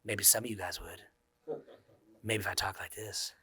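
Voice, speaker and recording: A man voicing a drowsy, relaxed version of himself in a low, half-whispered murmur, as whispered role-play. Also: slightly rough, exaggerated voice. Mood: lazy, sultry. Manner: slow and lazy.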